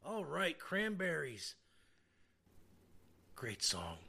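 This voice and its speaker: A man's voice: a little high, wildly swooping pitch, extremely slow, creaky, bright, forceful tone, breathy edge. Rambling, jokey male show host. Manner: rambling, with frequent fillers and restarts; jokey and self-mocking. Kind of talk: casual radio-style chat.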